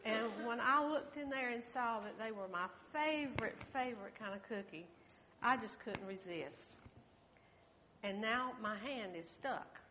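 A woman's voice: a little high, measured pace, noisy background, natural voice. Hungry little boy begging his mom, older lady doing the voice, earnest and pleading.

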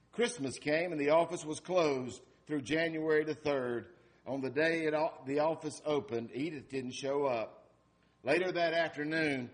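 A man preaching an Easter sermon, telling a story with dramatic swings in loudness. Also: fairly high pitch. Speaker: pastor.

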